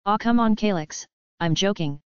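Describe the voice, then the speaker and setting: A woman's voice: mid-range voice, moderate pace, smooth, dry recording, muffled recording, lightly acted. A woman voicing a snappy, mocking young man who teases his brothers. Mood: teasing. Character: teasing, quick-tempered young man, a brother.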